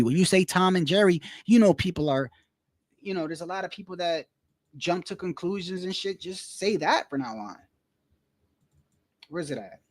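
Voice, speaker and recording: A man's voice: sits high, lively intonation, normal speed, dry recording, studio quality. A man giving casual, heated commentary, profane and repeating himself as he rants. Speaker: boxing commentary streamer.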